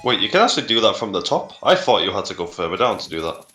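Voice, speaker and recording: A man's voice: lowish voice, very animated, fast, bright, forceful tone, echoey room, soft background music. Dry Yorkshire man commentating. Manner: dry sarcastic banter. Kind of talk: casual game commentary.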